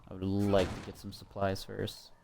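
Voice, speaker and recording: A man's voice: sits low, moderate pace, gravelly, slight background noise. A young man from Minnesota casually commenting while he plays a horror game, chatting with viewers and swearing now and then. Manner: relaxed, chatty, swears often. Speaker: streamer.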